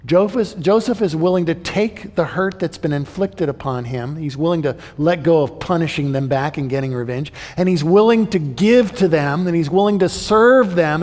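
Animated male preacher in a reverberant hall. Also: on the high side. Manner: animated, voices the brothers and Joseph in paraphrase. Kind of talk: sermon.

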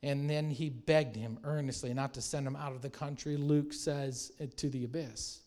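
A man preaching a sermon with animated storytelling, growing soft and hushed at reverent moments. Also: medium pitch, moderate pace. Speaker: pastor.

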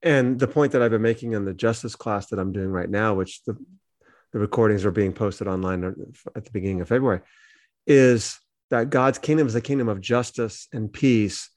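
A man's voice: on the low side, normal speed, a little mellow, no room sound, clean studio sound. A man co-hosting a podcast, talking earnestly and reflectively in a casual discussion. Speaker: podcast co-host.

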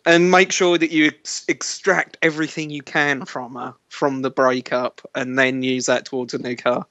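A man's voice: medium pitch, flat delivery, bright, forceful tone, no room sound, muffled recording. A man co-hosting a casual podcast, giving blunt, sweary opinions. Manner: blunt, swearing, quick to judge. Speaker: podcast co-host.

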